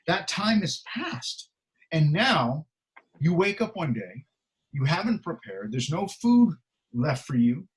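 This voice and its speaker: A middle-aged man preaches in a loose, conversational way, earnest and emphatic. He often stops on "uh" and "you know" and restarts his phrases. His voice sits a little high for a man. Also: rough recording. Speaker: pastor. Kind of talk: conversational sermon.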